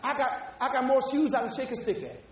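A pastor preaching a sermon, building to shouts and calling the congregation to read along. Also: male voice, very high-pitched, quick pace, noisy background. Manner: preaching with rising shouts and call-and-response. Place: church. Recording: echoey church hall from far off.

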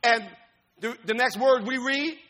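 A man pastor preaching a sermon, folksy and informal, swinging from loud rising shouts to low quiet talk. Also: a little slow.

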